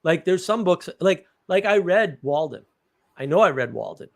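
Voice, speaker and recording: A man with a fairly high voice hosts a casual live stream, wandering from story to story with blunt, offhand swearing. He talks loosely, restarting sentences as he goes. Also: expressive, normal speed, vocal fry. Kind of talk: casual chat.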